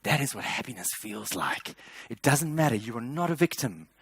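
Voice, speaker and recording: A man's voice: medium pitch, very animated, moderate pace, husky, no echo. Earnest man speaking on stage. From South Africa. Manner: earnest, emphatic, repeats words when building a point. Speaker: motivational speaker. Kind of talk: keynote speech.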